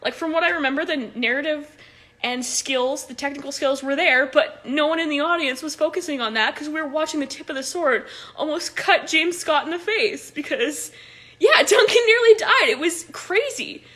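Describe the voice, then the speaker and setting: Bright, high-pitched young woman coach. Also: normal speed. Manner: chatty, laughs often, many "like" fillers. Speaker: improv coach. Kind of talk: casual livestream talk. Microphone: phone.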